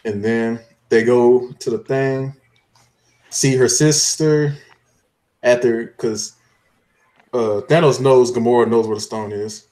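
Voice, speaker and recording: A man's voice: medium pitch, fairly even intonation, takes it slowly, long pauses, a little mellow. Rambling man recapping plot in order. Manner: rambling step-by-step recap with restarts. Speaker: podcast co-host. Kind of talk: casual chat.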